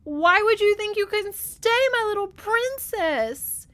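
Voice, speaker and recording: A woman voicing a tender, tearful adult male war hero, talking in a high, choked-up, wobbly voice. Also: lively intonation, slow pace, a bit bright, heavily acted.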